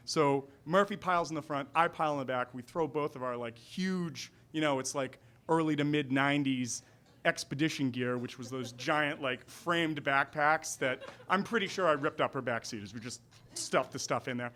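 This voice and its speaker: A man's voice: medium pitch, moderate pace, fairly bright tone. A man in his forties with a Boston accent, telling a wry, self-deprecating story at a live storytelling night in a restaurant. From Boston area.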